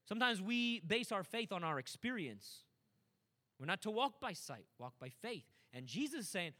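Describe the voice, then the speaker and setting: A male pastor delivering an impassioned sermon. His voice sits high and swings widely in pitch, with a bright, forceful edge that drives his emphatic points home. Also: sing-song, a little fast. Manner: impassioned, building to emphatic preaching.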